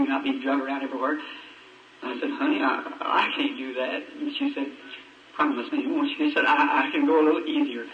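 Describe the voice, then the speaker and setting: A high-pitched, bright-toned preacher tells a personal story with raw emotion, his voice climbing into pleading cries. He sounds far from the mic, and his voice rings through an echoey hall. A faint hiss of old tape runs underneath. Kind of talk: sermon testimony.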